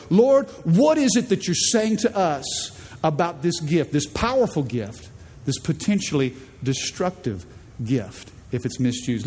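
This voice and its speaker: A man's voice: fairly high pitch, a little mellow, a little hiss or hum. Emphatic male preacher in a reverberant hall. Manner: emphatic preacher, call-and-response with congregation. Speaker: pastor. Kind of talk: sermon. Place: large church auditorium.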